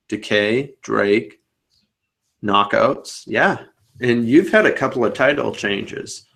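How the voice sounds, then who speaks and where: A man's voice: medium pitch, gravelly, fairly bright tone. A man hosting a podcast over a video call, talking casually and at length in a rambling way. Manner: rambling, talkative. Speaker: podcast host.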